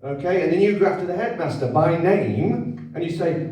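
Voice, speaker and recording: A man's voice: on the high side, expressive, a little fast, a little mellow. A man giving a conversational, repetitive talk to an audience, often asking them to agree. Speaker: speaker at a public event. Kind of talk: informal lecture to an audience. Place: hall. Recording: echoey hall, voice from far off.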